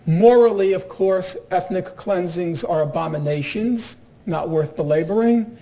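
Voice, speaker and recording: A man giving a university lecture in a measured, deliberate way with dry sarcasm. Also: high-pitched, warm tone. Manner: measured, deliberate, dryly sardonic. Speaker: guest lecturer.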